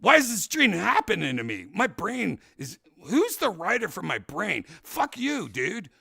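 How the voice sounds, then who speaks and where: A man hosting a casual talk show, rambling through a story and loudly acting out what people said. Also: high voice, a little slow, creaky, slightly rough, no room sound, studio quality. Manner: rambling, animated, acts out quotes loudly. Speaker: podcast host.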